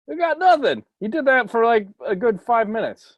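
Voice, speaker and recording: Casual podcast co-host, male, lively swinging pitch, dry close sound. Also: a little fast, dry recording, lo-fi sound. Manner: animated, breaks into mocking put-on quotes. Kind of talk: casual chat.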